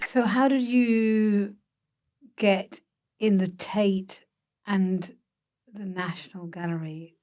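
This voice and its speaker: A woman interviewer who asks her questions slowly and unhurriedly. She speaks at a middle pitch and keeps her reactions short. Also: fairly even intonation, dark tone. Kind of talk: casual interview.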